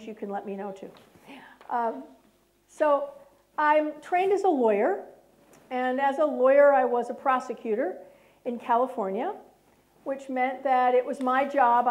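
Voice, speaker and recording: Slow-speaking woman addressing an audience. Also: a little high, a little mellow, poor audio. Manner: speaks slowly and deliberately, chatty and direct with the audience. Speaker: guest speaker, former prosecutor. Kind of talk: public talk to an audience. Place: lecture room with an audience, filmed.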